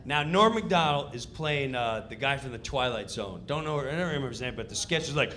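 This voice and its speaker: A man telling a comic backstage story, excited and theatrical, acting out the scenes as he goes. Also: medium pitch, brisk, hardly any pauses. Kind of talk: animated comedic storytelling.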